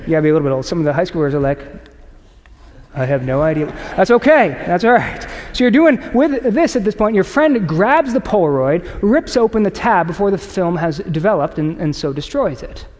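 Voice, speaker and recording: A man delivers a sermon in a casual, storytelling way and acts out little exchanges. His voice sits high for a man. A long reverb trails behind him, like a church auditorium. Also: brisk, few pauses. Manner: conversational, animated storytelling with acted quotes. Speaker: pastor. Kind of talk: sermon to a congregation.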